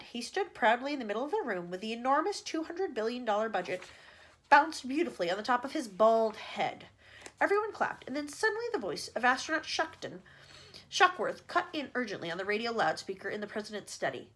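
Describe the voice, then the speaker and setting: A woman's voice: fairly high pitch, big pitch swings, fast, fairly bright tone. A woman teacher reading a chapter book aloud to children, breaking off for chatty asides.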